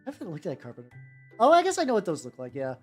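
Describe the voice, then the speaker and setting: A woman with a lowish voice that swings up and down a lot, chatting casually to her livestream audience as she paints. She rambles, restarts, swears freely and calls out viewers by name. Faint music plays in the background. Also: wildly swooping pitch, rapid-fire. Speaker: streamer painting miniatures.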